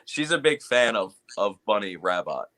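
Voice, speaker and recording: A man guesting on a podcast, playful and excitable, laughing often as he talks. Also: lowish voice, normal speed. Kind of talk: casual interview chat.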